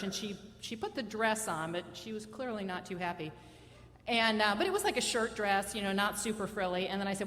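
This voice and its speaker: A woman's voice: medium pitch, a little fast, a bit bright, big-room sound. A woman in her fifties telling a personal story live on stage, conversational, wry and self-mocking.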